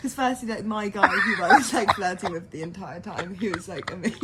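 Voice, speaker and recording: Young woman rattling off a story quick, laughing, lots of noise behind. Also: medium pitch. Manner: rapid, laughing, swearing, shy. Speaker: vlogger. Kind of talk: casual storytelling vlog.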